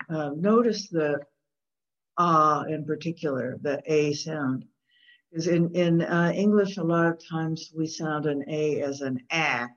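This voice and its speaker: Patient instructor, very slow delivery, dull lo-fi sound, chants syllables evenly in a call-and-response pronunciation lesson. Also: medium pitch. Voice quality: patient, explains step by step. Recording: dull lo-fi recording.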